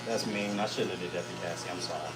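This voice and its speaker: A man's voice: low-pitched, fast, roomy sound, over loud music, poor audio. A man, hosting a casual talk show and telling stories with a lot of swearing. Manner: animated, swears a lot, acts out his own shouting. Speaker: podcast host. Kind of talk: casual storytelling chat.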